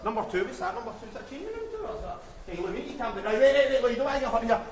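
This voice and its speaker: A man, a wrestler, blustering and shouting through a backstage skit, out of breath. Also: very high voice, animated, very fast. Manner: rowdy, shouting, laughing bluster. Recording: echoey from far off with crowd.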